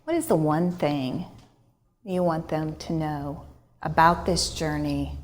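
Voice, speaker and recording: A woman interviewing a guest, asking gentle, prompting questions. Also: low-pitched, steady tone, slow.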